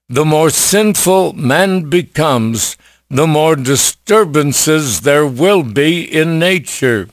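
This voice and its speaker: A man preaching an evangelistic sermon, slow and emphatic, with many rhetorical questions. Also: a little high, no echo, clean studio sound.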